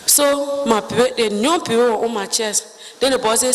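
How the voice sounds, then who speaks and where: Liberian woman, halting testimony, long reverb. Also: a little high. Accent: Liberian English. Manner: halting, broken phrases, acts out others' words. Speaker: survivor giving testimony. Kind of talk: personal spoken testimony.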